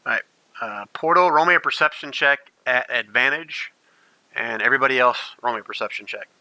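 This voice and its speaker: A man's voice: medium pitch, fairly quick, pushed and bright, no echo, rough recording. A man narrating a tabletop game as game master, rambling and playful, often restarting his sentences.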